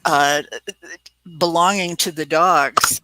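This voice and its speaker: Bright-voiced host on a video call. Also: medium pitch, fairly even intonation, no echo, rough recording. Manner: encouraging, quick agreement. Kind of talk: interview questions.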